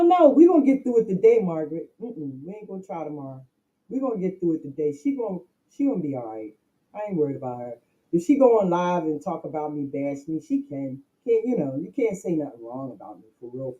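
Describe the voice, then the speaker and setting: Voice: medium pitch, dark tone, lo-fi sound. A livestreamer talking casually to chat, rambling and repeating points while addressing viewers directly.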